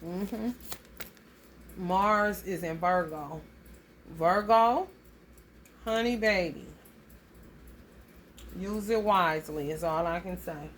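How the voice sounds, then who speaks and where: A woman's voice: lowish voice, takes it slowly, long pauses, a little hiss or hum. Blunt, profane woman reading astrology. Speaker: astrology reader. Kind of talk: casual tarot reading monologue.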